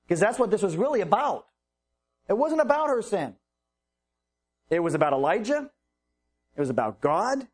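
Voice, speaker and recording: A man preaching a sermon, reading Bible verses and explaining them earnestly with rhetorical questions. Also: sits high.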